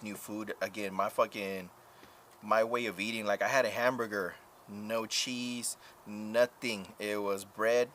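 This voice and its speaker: Profane rambling male streamer, bright voice. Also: lowish voice, a little hiss or hum. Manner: drawn-out filler-heavy talk. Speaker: live streamer. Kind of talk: casual chat reading stream comments.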